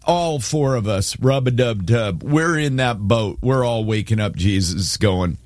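A man's voice: medium pitch, measured pace, dry recording, studio quality. A man hosting a casual faith discussion, retelling a Bible story and acting out its quotes. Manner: animated, acts out scripture quotes.

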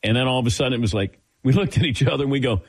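A man hosting a talk show, telling stories in a casual, animated way and acting out the dialogue. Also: mid-range voice, rapid-fire, breathy edge, dry recording. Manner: animated storyteller, acts out dialogue with laughs. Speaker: radio show host.

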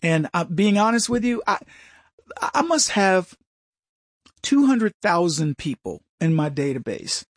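A man hosts a talk radio show in a high voice, animated and sarcastic. His voice is close and dry, with no room sound. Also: a little slow, no room sound.

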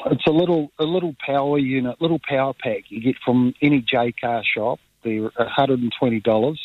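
A man's voice: mid-range voice, normal speed, dry recording. A man with a New Zealand accent calling in to a radio show, talking in an easygoing, rambling way and repeating words. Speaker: caller. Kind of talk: phone-in radio call. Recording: tinny phone line.

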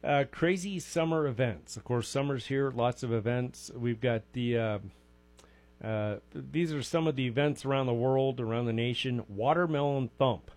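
A man's voice: mid-range voice, darkish tone. Male radio host, folksy and chatty, reads event lists with jokey asides. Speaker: radio swap show host. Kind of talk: casual radio chat.

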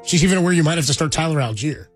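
A man's voice: a little high, rapid-fire, faint music behind. A man hosting a sports radio show, reading listener letters and laughing in easygoing banter.

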